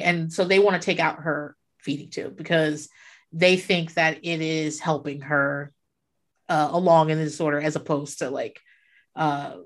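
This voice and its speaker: A middle-aged woman in casual chat, telling stories with lots of swearing. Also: low voice. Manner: animated storyteller, swears freely. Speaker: podcast co-host.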